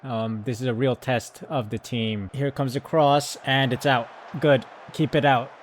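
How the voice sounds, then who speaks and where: Guy commentating his football manager game, gets loud and fired up, then talks tactics chill. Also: medium pitch, a little slow, slight background noise. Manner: excitable, shouts at the team, then calm tactical talk. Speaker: gaming YouTuber.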